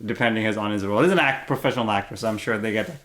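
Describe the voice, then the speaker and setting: A young man co-hosting a podcast in casual chat, easygoing and laughing along with quick reactions. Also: on the low side, fairly bright tone. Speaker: podcast co-host.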